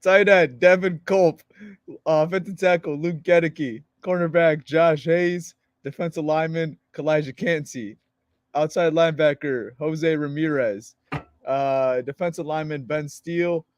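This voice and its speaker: An excitable American man co-hosting a football podcast, laughing often and reading off team lists. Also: fairly high pitch, measured pace, no room sound. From United States. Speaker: podcast co-host. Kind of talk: sports podcast chat.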